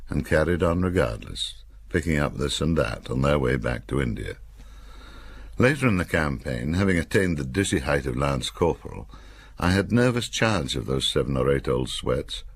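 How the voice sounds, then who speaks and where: An older man from Cumbria reads his own memoir aloud, wry and dry-humoured. His voice is extremely deep and gravelly, with a husky grain, yet it moves lively through the lines. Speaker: author reading his memoir. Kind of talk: audiobook memoir narration.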